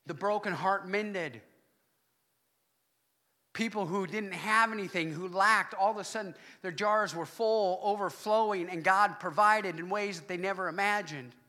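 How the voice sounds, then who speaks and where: A man preaching a sermon to his congregation, animated, with loud exclamations and hushed asides. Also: sits high, unhurried. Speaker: pastor.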